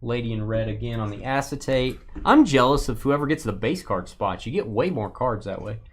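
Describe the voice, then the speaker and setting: A man's voice: medium pitch, expressive, fairly quick. Chatty man hosting a live card break. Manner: chatty, joking asides to viewers while opening packs. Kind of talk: casual live-stream commentary.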